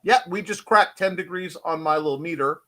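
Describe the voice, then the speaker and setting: A man's voice: fairly high pitch, fairly quick, sharp tone. A man hosting a casual live stream from his home desk, rambling and joking and greeting people in the chat. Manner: rambling, jokey, greets chatters.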